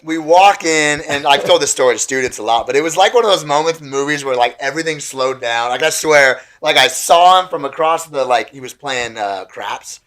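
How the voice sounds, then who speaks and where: A man, a pastor telling a story in casual conversation on a podcast, excitable and acting out the voices of people in it. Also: fairly high pitch, fairly quick, few pauses. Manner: animated, excitable storyteller who acts out voices.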